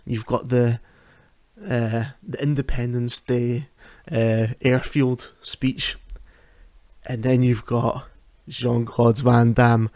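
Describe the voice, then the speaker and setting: A man's voice: mid-range voice, flat delivery, slow pace, a little mellow, no room sound. A man hosting a solo podcast from home, chatting casually, often laughing and restarting his sentences. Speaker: podcast host. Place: home at night.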